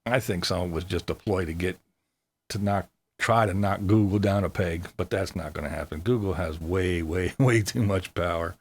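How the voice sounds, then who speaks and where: A man's voice: deep voice, moderate pace, breathy edge. A man hosting a casual livestream, reading viewer comments aloud in a laid-back way and chuckling often. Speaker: livestream host.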